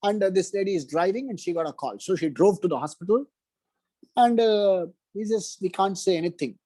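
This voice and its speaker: A man, giving a spiritual discourse full of stories, often slowing to stress his lessons. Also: sits high, warm tone, no room sound, low-quality recording. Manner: slow emphatic storytelling with quoted dialogue. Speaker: spiritual teacher. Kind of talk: storytelling discourse.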